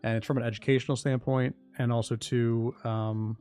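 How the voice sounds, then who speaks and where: A man talking casually on a livestream about his crypto project, rambling, restarting sentences and getting excited. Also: medium pitch, normal speed, smooth, faint music behind. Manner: rambling, self-interrupting, excitable. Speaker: crypto project founder and streamer.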